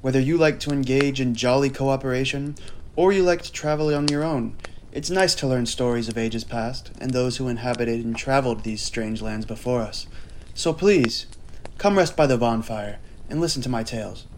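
A man of middle pitch reads a scripted promo with calm, courteous, old-fashioned phrasing. There is a faint ambient hum around him. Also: moderate pace. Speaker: podcast host in a promo spot. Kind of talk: scripted atmospheric narration.

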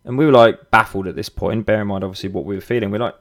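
A man's voice: fairly low pitch, lively intonation, racing, gravelly, few pauses. A man in his thirties, hosting a podcast, tells a personal story in a candid, casual way, with swearing, fillers and restarts. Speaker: podcast host.

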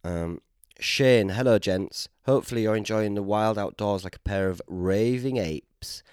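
A man's voice: lowish voice, unhurried, darkish tone, clean tone, dry recording, studio quality. A man from Britain hosting a podcast, chatting casually and bantering, often saying "mate". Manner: laid-back banter, says "mate" often. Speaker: podcast host. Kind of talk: casual chat.

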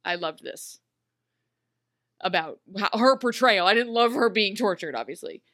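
A woman in easy conversation, breaking down a TV episode with a co-host. She talks in a lively, rambling way, full of fillers and quick asides. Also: mid-range voice. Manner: animated, lots of "like" and quick asides. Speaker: podcast co-host. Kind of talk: casual TV recap chat.

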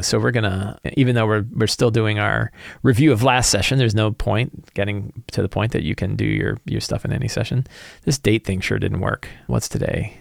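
A man at mid pitch, a game master going over his session prep alone. He rambles and thinks aloud with a lot of "like" and "you know." The sound is dry and close. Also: gravelly, no echo. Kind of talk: solo game-prep talk.

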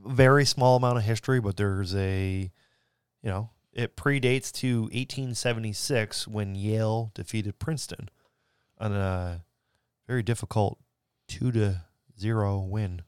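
A man with a lowish, smooth and clear voice, chatting casually as a podcast co-host. He tells stories in a dry, relaxed way with lots of fillers. The sound is close and dry. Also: a little slow, no room sound. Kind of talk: casual chat.

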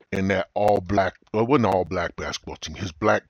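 Swearing nonstop, a middle-aged man hosting a podcast rants in a joking way at normal speed, his voice low-pitched, and keeps lapsing into mocking impressions. The audio is dry.

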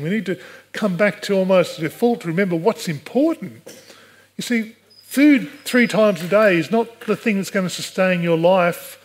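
A man, a pastor, preaching a sermon in an earnest way, with rhetorical questions to the congregation. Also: sits high. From Australia.

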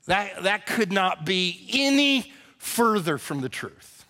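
A man's voice: high-pitched, expressive, slow, bright, forceful tone, long reverb tail. A man preaching a conversational, emphatic sermon as pastor, acting out quotes in character voices.

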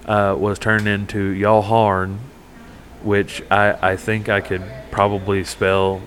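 In this casual podcast chat, the male co-host keeps a completely flat delivery at a measured pace, his lowish voice a bit bright. His story wanders, full of fillers and restarts.

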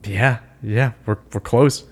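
Animated, swearing man, mid-range voice. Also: mid-range voice, slightly rough. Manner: animated and swearing, quick to agree. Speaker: podcast co-host. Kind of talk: casual film review chat.

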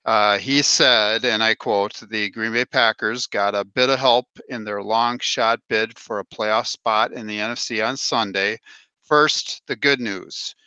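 A man's voice: fairly low pitch, steady tone, measured pace, pushed and bright, smooth, no room sound, muffled recording. A man co-hosting a casual sports podcast, going through stats and quotes with plenty of "uh"s. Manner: reads stats and quotes, with filler "uh"s. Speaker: podcast co-host.

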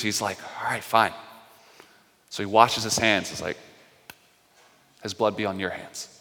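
Man, pastor, animated sermon storytelling, bright voice, reverberant hall. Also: medium pitch. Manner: animated storytelling, acting out quotes.

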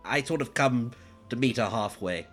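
A man's voice: medium pitch, normal speed, fairly bright tone, soft background music. A man playing in a tabletop game, chatting casually and playfully. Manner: laughing, playful. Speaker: player. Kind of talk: casual role-play chat.

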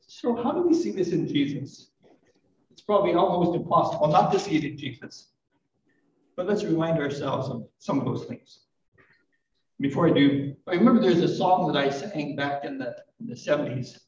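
A man in his fifties or older preaching a live sermon, gentle and reflective, with light self-deprecating humor. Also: fairly high pitch, expressive, moderate pace, slight background noise. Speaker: pastor. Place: church hall at a live service. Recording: roomy, distant, dull live recording.

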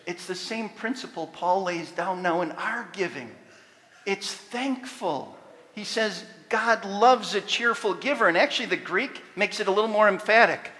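Bright high-voiced preacher in a reverberant hall. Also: male voice, moderate pace. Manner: animated preaching, swelling to loud emphasis. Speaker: pastor. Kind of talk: sermon.

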